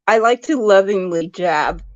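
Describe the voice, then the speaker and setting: A woman's voice: medium pitch, animated, a little slow, no room sound, dull audio. A woman calling into a live stream, chatting casually in a self-deprecating, joking way. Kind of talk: casual chat.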